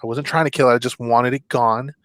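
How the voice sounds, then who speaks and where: A man's voice: medium pitch, steady tone, brisk, dry recording. A man hosting a casual chat show, telling a story animatedly and acting out his own reactions. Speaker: show host.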